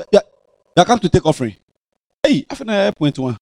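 A man's voice: high-pitched, a little fast, no room sound. A man with a Ghanaian accent preaching a sermon as pastor in a church, scolding and teasing his congregation. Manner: animated, scolding, playful.

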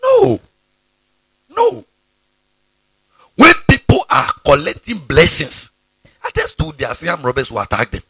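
A pastor preaching a sermon, breaking into sudden high exclamations. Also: male voice, huge pitch swings, brisk, pushed and bright, breathy edge, dry recording.

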